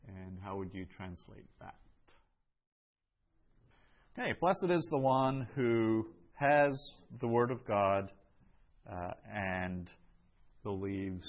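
Male teacher, unhurried delivery with fillers, dull muffled recording. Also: on the low side. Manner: slow, measured, with many fillers. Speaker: Greek teacher. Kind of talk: classroom lesson, going over answers.

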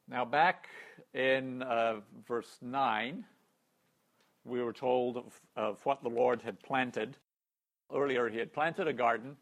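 Gravelly-voiced man teaching Scripture. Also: mid-range voice. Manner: measured, reads Scripture aloud and explains it. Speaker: Bible teacher. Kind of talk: Bible study lesson.

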